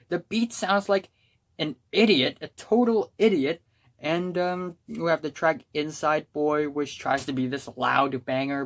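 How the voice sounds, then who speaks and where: A young adult music reviewer holding forth in an unscripted, casual style. The delivery is blunt and exasperated, like someone ranting about records they can't stand. The voice sits at a middling pitch. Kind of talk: casual spoken album review.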